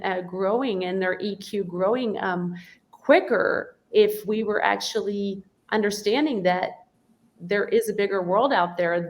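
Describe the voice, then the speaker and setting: A woman hosts a conversational interview and speaks in an earnest, open way. She tells her stories with rising animation, and her voice sits at a middle pitch. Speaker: podcast host. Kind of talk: conversational interview, personal storytelling.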